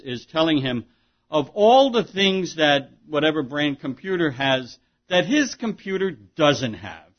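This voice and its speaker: Pastor preaching, slightly high-pitched man. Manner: conversational preaching with rhetorical questions and restarts. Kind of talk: sermon. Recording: dull lo-fi sermon recording.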